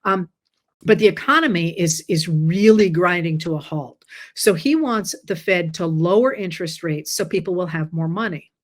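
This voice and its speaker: A woman's voice: fairly low pitch, moderate pace. A tired woman hosting a casual chat and explaining things step by step in a conversational way. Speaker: host.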